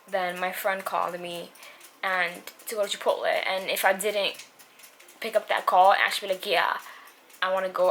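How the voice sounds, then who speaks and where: A young woman vlogging about her anxiety, halting and emotional, with many fillers and pauses. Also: mid-range voice. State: anxious and upset. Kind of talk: personal vlog confession. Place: outdoors on a city street. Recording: loud street and traffic noise.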